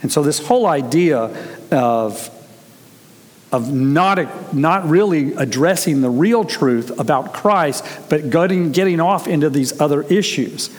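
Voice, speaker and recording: A man with a somewhat high voice preaching a casual, earnest sermon. He tells stories and throws in lively quoted voices. The sound rings with the long reverb of a large hall. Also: measured pace. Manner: earnest, storytelling, animated when quoting. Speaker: pastor. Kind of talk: conversational sermon.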